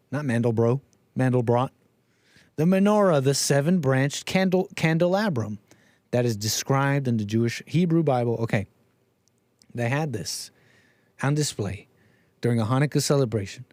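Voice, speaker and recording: A man hosting a live stream in a casual, jokey, animated way, reading out viewer messages and reacting to clips. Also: on the high side, moderate pace, no room sound, studio quality. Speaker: livestream host.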